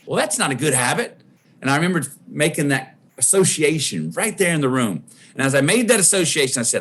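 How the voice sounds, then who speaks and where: A man's voice: medium pitch, expressive, quick pace, a bit bright. A man with a Texan accent, a podcast guest telling a personal story and acting out the voices he quotes.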